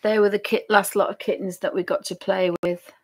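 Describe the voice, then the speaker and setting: A woman's voice: mid-range voice, little pitch movement, brisk, darkish tone, breathy edge. Yorkshire woman vlogger, chatty and rambling, mid-range voice, casual home chat. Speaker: craft vlogger.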